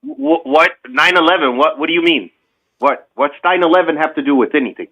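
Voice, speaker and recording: A man's voice: on the high side, fairly quick, bright, forceful tone. A man calling into a radio show, arguing insistently and repeating his questions, with a Middle Eastern accent, heard over a phone line. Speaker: caller. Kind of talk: heated call-in argument.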